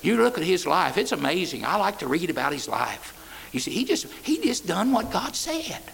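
A man's voice: high voice, big pitch swings, normal speed, creaky, fairly bright tone, a little hiss or hum, rough recording. A man preaching a sermon, in a folksy style with repeated "amen" and stammered restarts. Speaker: pastor. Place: church.

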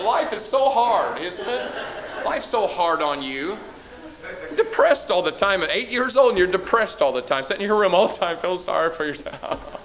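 A man's voice: on the high side, a bit bright, rough recording. A male pastor preaching a sermon to a church congregation. He sounds tired, drives points home by repeating phrases, and has a teasing, sarcastic edge.

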